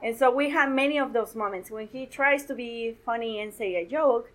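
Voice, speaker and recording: Spanish-native woman, slightly high voice, chatty storyteller who laughs often. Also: normal speed, poor audio. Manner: laughs often, retells dialogue. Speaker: guest speaker. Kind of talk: casual storytelling.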